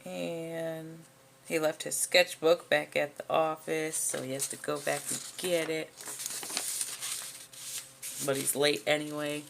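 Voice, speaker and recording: Self-mocking woman vlogger, deep, fry-heavy voice. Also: flat delivery, takes it slowly, long pauses, a little hiss or hum. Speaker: vlogger and artist. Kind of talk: casual commentary on old drawings.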